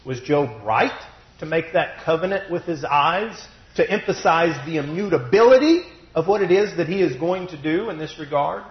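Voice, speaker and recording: A man preaching a sermon through a cough, slowing down to stress his points, at a pulpit mic in a church. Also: fairly high pitch, expressive. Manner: measured, deliberate delivery with slowed emphasis. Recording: roomy, dull lo-fi sound.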